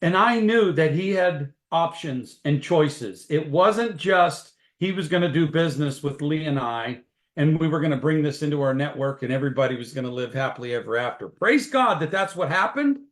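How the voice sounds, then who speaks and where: Folksy, upbeat man with a fairly high voice, webinar storyteller in an echoey room. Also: normal speed. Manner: energetic, folksy, animated storyteller. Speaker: network marketing distributor leading a webinar.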